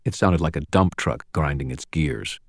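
A man narrates a first-person audiobook with a dry, sardonic edge. His voice is very deep and the recording is close and dry, without room sound. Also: normal speed, dry recording. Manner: sardonic, wisecracking in dialogue.

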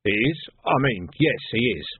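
A man's voice: medium pitch, lively intonation, normal speed, breathy edge, no echo. A man doing a nervous sergeant. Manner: hesitant, eager to please. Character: nervous older male watch sergeant. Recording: tinny narrow audio, dry.

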